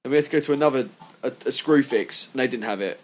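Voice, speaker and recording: Young man, casual podcast chat, sweary, ranting, mid-pitched voice. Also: fast, noisy background. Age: young adult. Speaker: podcast co-host.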